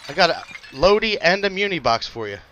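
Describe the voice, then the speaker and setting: Bright-voiced joking gamer man. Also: high voice, big pitch swings, brisk, dull audio, a little hiss or hum. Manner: joking, swearing, teasing squadmates. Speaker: streamer playing with friends. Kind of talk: casual gaming chat.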